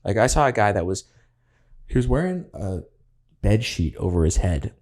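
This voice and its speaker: A man's voice: lowish voice, big pitch swings, moderate pace, darkish tone. A young man co-hosting a podcast, chatting casually and rambling through stories with frequent laughs. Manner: rambling storyteller, laughs often. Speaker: podcast co-host. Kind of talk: casual chat.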